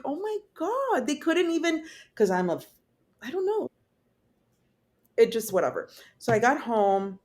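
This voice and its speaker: Young woman guest, raw and candid storytelling, casual swearing, mid-pitched voice. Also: a little mellow. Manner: candid, casual, swearing, many fillers and restarts. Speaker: podcast guest. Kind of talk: emotional personal storytelling.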